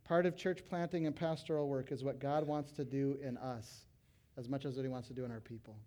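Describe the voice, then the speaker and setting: A middle-aged male pastor preaching to fellow pastors, animated, breaking into loud acted quotes. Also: medium pitch, brisk. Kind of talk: sermon to pastors.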